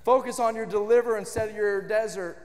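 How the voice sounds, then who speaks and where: A man preaching a sermon in a church, with an emphatic cadence that swells into shouts. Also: high-pitched, steady tone, fairly quick. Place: church sanctuary. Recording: long reverb of a church hall.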